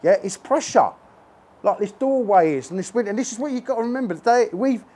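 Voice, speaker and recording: A man's voice: sits high, expressive, brisk, mellow. A man working as a horse trainer, talking to camera at a stable while handling a horse, earnest and emphatic, repeating his points, recorded on a phone on a tripod.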